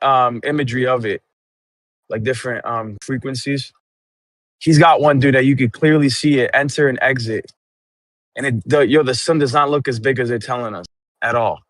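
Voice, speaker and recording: A man's voice: medium pitch, moderate pace, a bit bright, dry recording. A man chatting casually on a voice call, rambling in loose slang. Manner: rambling, loose, slangy, says bro and dude a lot.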